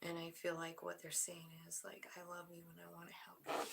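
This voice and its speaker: Gravelly emotional woman tarot reader. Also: lowish voice, completely flat delivery, normal speed, rough recording. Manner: emotional, soft-spoken, often drops to a whisper. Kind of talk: spiritual tarot reading.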